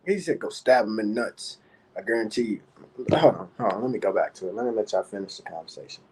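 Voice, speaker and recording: Profane, animated man hosting a commentary stream. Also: lowish voice, fast, husky, poor audio. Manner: profane, animated storytelling with laughs. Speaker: show host.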